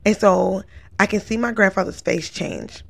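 A woman's voice: medium pitch, normal speed, vocal fry. A woman casually telling a long personal story, rambling and earnest, full of "like" fillers. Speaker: vlogger recounting a dream.

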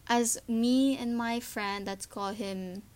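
A Filipino woman hosts a podcast in a slightly high, darkish voice, speaking slowly with fairly even intonation. She shares her views in casual personal commentary that is earnest and emotional, full of fillers.

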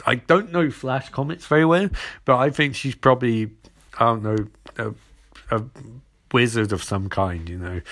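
A man casually recapping a TV episode in a rambling, sarcastic way, swearing freely and breaking off with asides. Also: medium pitch.

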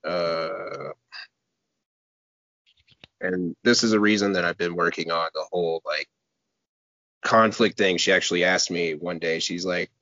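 A man co-hosting a podcast in casual chat, halting and full of fillers as he talks about himself. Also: low-pitched, pushed and bright, no room sound. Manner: halting, filler-heavy, self-deprecating. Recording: dull, dry lo-fi audio.

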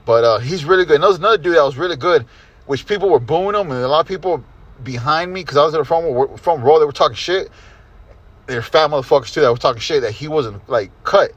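A man telling a rambling, excited story to a friend in casual chat, swearing freely. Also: fairly high pitch, quick pace, slightly rough, no room sound, dull audio.

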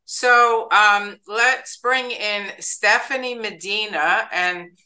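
A woman's voice: medium pitch, takes it slowly, bright, forceful tone, poor audio. A woman hosting a school district podcast in a chatty, upbeat way, sometimes stumbling over names. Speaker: podcast host. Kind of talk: casual interview.

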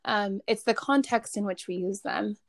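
Young woman guest, gravelly, thoughtful and measured, dry close sound. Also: medium pitch, dry recording. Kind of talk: casual conversation.

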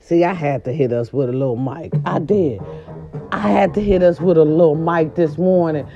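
A woman vlogger with a low-pitched voice rants casually and profanely straight to her viewers, repeating herself for emphasis at a moderate pace. The dull lo-fi recording carries faint background music.

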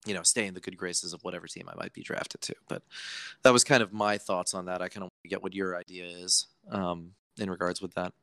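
A man's voice: deep voice, fairly even intonation, fairly quick, a bit bright, no room sound, clean studio sound. A young man from Virginia hosting a casual podcast chat, rambling along with jokey asides. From Virginia, United States. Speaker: podcast host.

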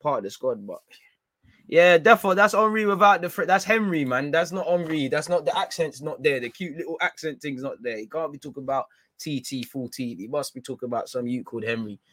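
A man's voice: on the high side, expressive, quick pace, fairly bright tone. A young man, casually chatting through viewer comments on a football livestream, slangy and trailing into fillers. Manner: laid-back slangy banter, trailing off into fillers.

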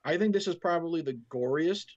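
A man's voice: fairly high pitch, expressive, a little fast, highs cut off. A man in casual conversation, eagerly recounting film scenes in detail.

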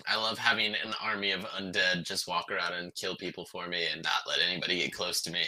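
A man on a casual sports and gaming panel, relaxed and laid-back. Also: sits low, quick pace, poor audio. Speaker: co-host panelist.

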